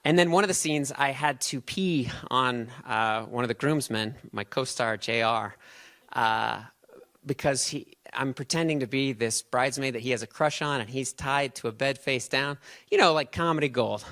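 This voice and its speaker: A man tells a personal story to a live audience on stage. He keeps it chatty and self-mocking, often laughing at his own tale, in a voice of middling pitch. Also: moderate pace, a bit bright. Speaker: storyteller and event host.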